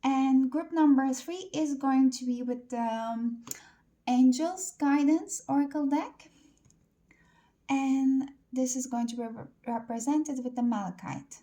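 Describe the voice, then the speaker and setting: High-voiced woman reading tarot cards. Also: slow, dark tone. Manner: chatty, loose, many fillers like "like" and "uh". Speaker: tarot card reader. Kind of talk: casual pick-a-card reading to camera.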